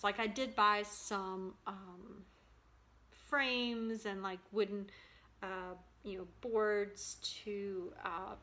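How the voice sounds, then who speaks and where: Bright, chatty woman vlogger. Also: mid-range voice. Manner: chatty, enthusiastic, frequent ums. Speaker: cross-stitch vlogger. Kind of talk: casual show-and-tell chat.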